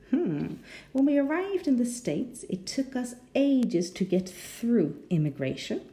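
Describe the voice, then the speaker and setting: A woman teaching an English pronunciation lesson, repeating words slowly and checking in with "no?". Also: mid-range voice, dark tone.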